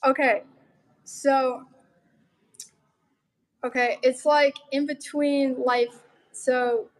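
A young woman with a high voice shares a personal story as a guest. She talks in an animated, chatty way, filling her sentences with "like" and "you know". She comes from Montana. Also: poor audio. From Montana, USA. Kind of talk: personal testimony in casual chat.

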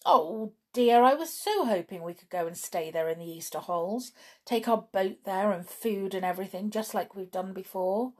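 A woman's voice: mid-range voice, moderate pace, close to an everyday voice. A woman voicing a sulky, proud, hot-headed tomboy girl who speaks scornfully and with emphasis. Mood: resentful.

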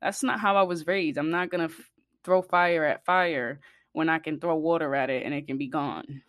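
A woman telling a personal story to her viewers in a casual way, blunt and profane, getting louder and higher when she gets heated. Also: normal speed, no room sound, studio quality. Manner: blunt, profane and animated, rising in pitch and volume when heated. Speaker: vlogger.

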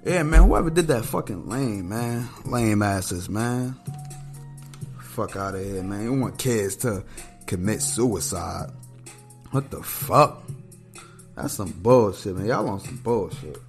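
Profane ranting man, lively pitch. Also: slow pace, faint music behind. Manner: blunt, profane, ranting with heavy filler "man"; animated, pitch jumps when outraged or amused. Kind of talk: casual solo commentary.

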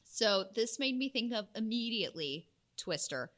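Lively, bright-toned woman, giggly. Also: on the high side, moderate pace. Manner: animated storyteller, giggly. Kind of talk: casual chat about weather myths.

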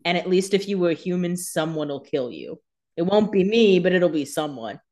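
Wry woman with low-ish voice. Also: expressive, moderate pace, a little mellow. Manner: wry, sarcastic asides with frequent laughs. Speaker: podcast co-host. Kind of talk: casual chat.

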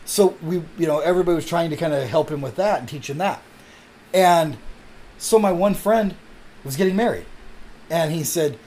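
A man's voice: on the high side, moderate pace, long pauses, a little mellow, slight background noise. A man co-hosting a podcast, chatting casually, often laughing and swearing as he tells a story. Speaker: podcast co-host. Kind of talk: casual chat.

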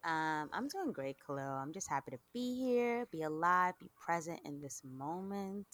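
A woman's voice: on the low side, expressive, normal speed, fairly bright tone, no room sound. A woman co-hosting a podcast, chatting in an upbeat, easygoing way. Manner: upbeat, chatty, laughs easily. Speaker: podcast co-host. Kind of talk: casual chat.

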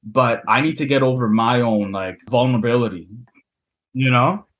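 A man from Canada talks casually as a podcast guest at an ordinary middle pitch. He rambles and pokes fun at himself, padding his sentences with fillers. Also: moderate pace, fairly bright tone. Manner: rambling, self-deprecating, many fillers. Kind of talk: casual chat.

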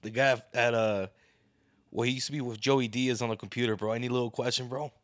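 A man's voice: mid-range voice, steady tone, fairly quick, no room sound. A man co-hosting a casual podcast, swearing freely and jumping into acted-out voices. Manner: loose, swearing, acts out voices with big jumps up. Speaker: podcast co-host. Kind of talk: casual profane banter.

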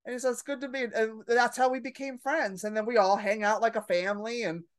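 Animated woman comic telling stories. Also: fairly high pitch, a little fast. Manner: animated, acts out her own panicked thoughts. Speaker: stand-up comedian, guest. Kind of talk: casual storytelling chat.

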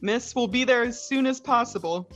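A woman's voice: fairly high pitch, normal speed, a bit bright, dull audio, soft background music, voice pushed up, close to an everyday voice. A woman doing a grumbling firefighter. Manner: grumbling, offhand. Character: gruff middle-aged male firefighter.

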